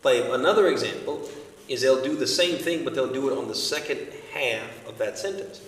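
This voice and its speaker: A religious studies teacher leads an evening study circle lesson in a large community center hall, explaining patiently and checking in with listeners through rhetorical questions. His voice is medium-pitched at a moderate pace, sounding far off in the echoey hall, with a little hiss or hum.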